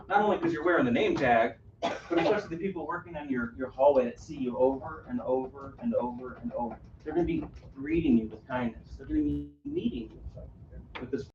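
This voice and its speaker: A man's voice: on the high side, darkish tone. Man, workshop presenter, engaging, asks the room questions, dull distant recording, faint background noise. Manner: engaging, asks the audience questions, frequent "right?". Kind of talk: live interactive workshop talk. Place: room on a cruise ship, live audience. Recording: roomy, distant, dull audio.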